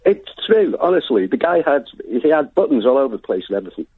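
A man with a Liverpool accent calls a radio show, chatty and self-deprecating. His pitch swings freely and his voice is slightly husky. It comes through a tinny phone line. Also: very animated, fast, no echo. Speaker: caller. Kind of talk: casual phone-in call.

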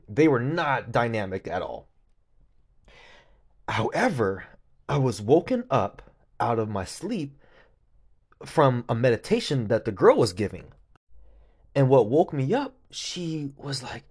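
A man from California telling a story casually, animated, laughing often and swearing freely. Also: mid-range voice, a little slow, long pauses, husky.

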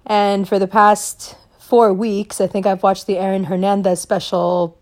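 A woman's voice: medium pitch, little pitch movement, unhurried, darkish tone. A young woman hosting a casual podcast, ranting angrily with heavy cursing and emphatic repeats. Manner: angry, profane, emphatic ranting. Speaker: podcast host.

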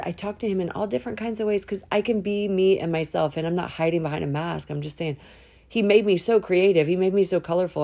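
A woman hosting a faith podcast, praying aloud in a heartfelt, informal way, with sudden rises and slow drawn-out words. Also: fairly low pitch, creaky, warm tone. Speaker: podcast host. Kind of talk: spoken prayer and encouragement. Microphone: audio only, no camera.

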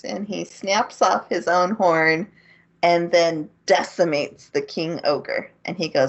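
A woman's voice: lowish voice, fairly even intonation, takes it slowly, highs cut off. A woman co-hosting a casual podcast, retelling an anime plot and laughing often as she goes. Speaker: podcast co-host. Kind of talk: casual anime recap chat.

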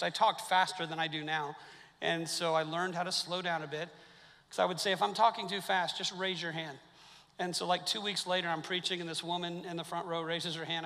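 High, gravelly preacher in a reverberant church. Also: male voice, bright, forceful tone. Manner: conversational, wry asides to the congregation. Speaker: pastor. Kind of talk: sermon. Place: church sanctuary.

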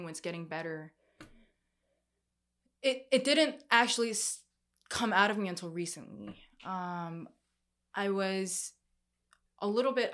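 A young woman speaks softly to her audience while telling a personal story. She talks haltingly and emotionally, often restarting her sentences. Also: mid-range voice. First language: Korean heritage, speaks some Korean.

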